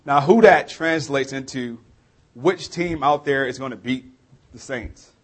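Conversational New Orleans pastor preaching. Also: male voice, medium pitch, unhurried, a bit bright. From New Orleans area, USA. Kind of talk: sermon.

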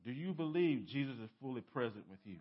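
A man preaching a sermon as pastor, dropping to hushed lows and rising to emphatic peaks, with many rhetorical questions to the congregation. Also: animated, brisk, highs cut off. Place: church sanctuary.

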